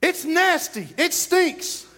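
East Texan pastor, folksy joking sermon, high-pitched male voice. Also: lively intonation, slow, bright, forceful tone. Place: church sanctuary.

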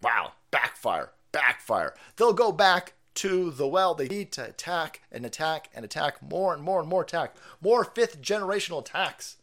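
A man streaming political commentary, loud and mocking, swinging from shouts to low mutters. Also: very animated, moderate pace, few pauses. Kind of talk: profane ranting livestream commentary.

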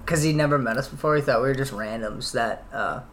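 A man's voice: mid-range voice, fast talker, a bit bright, a little hiss or hum. Laughing, rambling young man. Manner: rambling storyteller, laughs often, full of "like". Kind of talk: casual chat.

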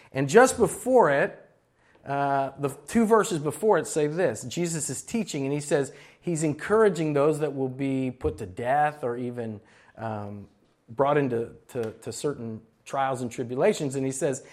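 A man preaching a sermon to a church congregation, animated and conversational, acting out quoted voices as he tells stories. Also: on the high side. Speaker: pastor.

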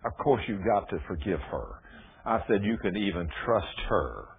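A male preacher, giving a folksy sermon that builds into loud, emphatic preaching. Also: lowish voice, big pitch swings, moderate pace, creaky. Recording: muffled phone-like radio broadcast.

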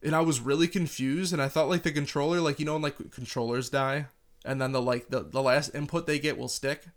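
A man's voice: a little high, steady tone, fairly quick. A man co-hosting a casual podcast chat, rambling and sweary, prone to playful rants. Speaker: podcast co-host.

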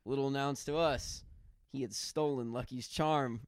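A man's voice: mid-range voice, fairly even intonation, normal speed, clean tone, no echo. A man co-hosting a podcast, delivering profane, sardonic rants in casual banter. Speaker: podcast co-host.

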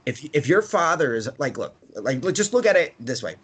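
A man's voice: medium pitch, very animated, brisk, fairly bright tone, husky. A man in casual chat, rambling with many fillers and restarts and laughing often as he talks. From United States. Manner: laughs often while talking.

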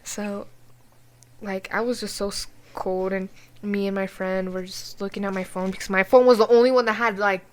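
A young woman from New Mexico co-hosting a podcast, telling a story in a casual, animated way with lots of swearing and filler words. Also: medium pitch, moderate pace. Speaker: podcast co-host.

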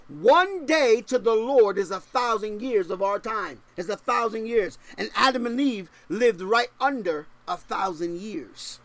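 A male pastor preaching a sermon, emphatic, swinging from loud stressed points to quiet asides and often checking in with rhetorical questions. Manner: shifts between raised, forceful stresses and low, quiet asides.

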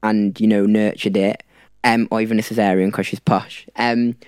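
Young guy on a podcast, lowish voice, stops and restarts a lot, dry sound. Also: flat delivery, normal speed, clear, resonant tone, no room sound. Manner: hesitant, frequent restarts, warm and informal. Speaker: guest. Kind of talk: casual chat.

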